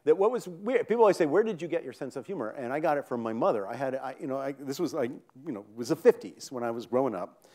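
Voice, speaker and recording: On a theater stage before an audience, a man in his sixties from New York State, USA, an author appearing as a guest, tells rambling comic stories that keep interrupting themselves and laughs at his own punchlines. His voice is medium-pitched, expressive and darkish, and he talks quickly.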